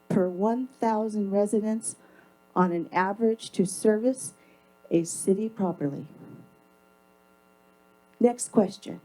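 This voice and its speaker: A woman's voice: mid-range voice, mellow, low-quality recording. Emphatic, sarcastic woman at the podium. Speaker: public commenter. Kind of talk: public comment at council meeting. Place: council chamber.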